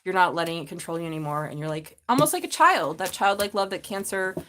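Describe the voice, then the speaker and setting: A woman's voice: on the low side, expressive, fast, pushed and bright, a little hiss or hum. Middle-aged woman reading tarot live; bubbly, foul-mouthed, talks straight to her viewers. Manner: chatty and profane, laughs often, gushes at viewers. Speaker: tarot reader.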